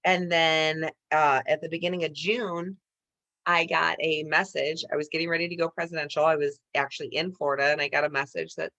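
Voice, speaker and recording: Animated woman telling her success story. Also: low-pitched. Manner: animated, addresses audience as "you guys". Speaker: network marketing leader. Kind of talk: motivational personal story.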